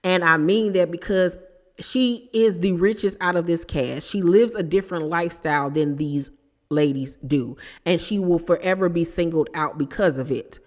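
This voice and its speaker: Woman host, lower voice, chatty and sassy recapping a reality show, reverberant room. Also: a little mellow. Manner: chatty, emphatic, sassy asides. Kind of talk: casual opinionated show recap.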